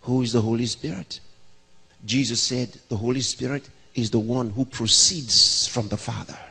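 A man's voice: mid-range voice, normal speed, creaky, pushed and bright, breathy edge. A man in his sixties, a pastor, preaching a sermon by asking questions and answering them himself. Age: 60s. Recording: long reverb of a large hall.

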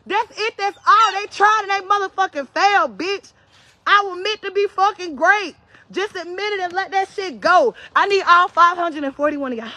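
A woman's voice: very high-pitched, normal speed, bright, forceful tone, dry recording. A woman with a North Carolina accent, ranting to her followers in a profane, defiant live-stream vlog. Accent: Southern US, North Carolina. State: out of breath at times. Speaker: social media vlogger. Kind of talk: unscripted live-stream rant.

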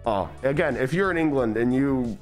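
A man's voice: mid-range voice, animated, normal speed, faint music behind. A young man hosting a stream, chatting enthusiastically and rambling with lots of fillers. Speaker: streamer host. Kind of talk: casual stream chat.

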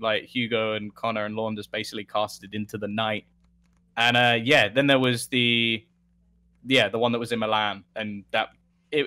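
A young man, guesting on a podcast, recounting stories in an animated, restart-filled way. His voice sits at an average pitch but sounds bright and forceful. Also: smooth. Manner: animated anecdote telling with laughs and restarts. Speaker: esports caster, podcast guest. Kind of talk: casual podcast storytelling.

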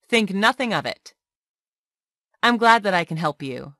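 A woman reads practice phrases aloud like an English tutor. She speaks slowly and clearly, and her pitch rises and falls a lot from line to line. The sound is dry, with no room around it. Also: no echo. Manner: slow, clear, expressive phrase reading.

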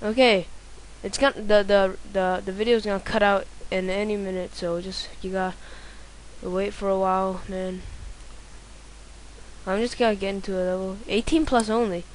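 A woman doing let's play commentary, excitable, swearing a lot and yelling at the game. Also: mid-range voice, moderate pace, a little hiss or hum. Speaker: gameplay commentator.

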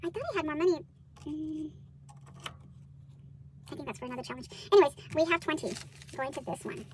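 A woman's voice: high voice, fairly quick, a little hiss or hum. A woman hosting a budgeting vlog, chatting casually with many fillers while counting out cash. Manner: bubbly excited exclamations.

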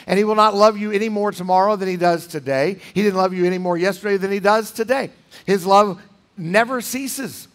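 A pastor preaching in a church, emphatic, with dramatic swings between loud lines and hushed ones. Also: male voice, high voice. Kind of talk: sermon. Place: church sanctuary.

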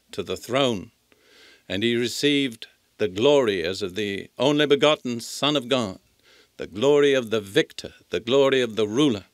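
An older man teaching the Bible in a sermon, reading scripture slowly and emphatically. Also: medium pitch, fairly bright tone, no room sound, studio quality.

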